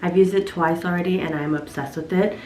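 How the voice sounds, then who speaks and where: A woman's voice: fairly low pitch, steady tone, a little fast, warm tone, roomy sound, slight background noise. A young woman chatting casually to camera as a lifestyle vlogger, easygoing and talkative. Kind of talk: casual vlog chat.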